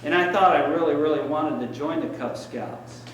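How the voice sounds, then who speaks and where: A man's voice: a little high, moderate pace, a little hiss or hum. A man giving a sermon as a priest, telling stories in a conversational way with plenty of fillers. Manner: conversational storytelling, frequent fillers. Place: church. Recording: echoey church room, mic at a distance.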